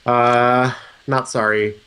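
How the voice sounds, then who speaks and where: Male co-host getting over a cold, mid-pitched, relaxed and wry, close to a sensitive mic. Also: takes it slowly, clear, resonant tone. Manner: relaxed, wry, lots of "um" and "uh" while thinking. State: recovering from a cold. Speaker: podcast co-host. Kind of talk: casual podcast chat. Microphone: sensitive microphone.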